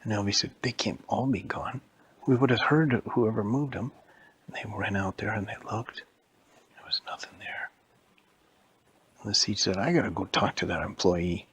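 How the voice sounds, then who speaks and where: Guy telling a kid a spooky made-up story, husky low voice, squeaky character voices, whispers the scary bits. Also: moderate pace, fairly bright tone. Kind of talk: improvised bedtime-style story for a child.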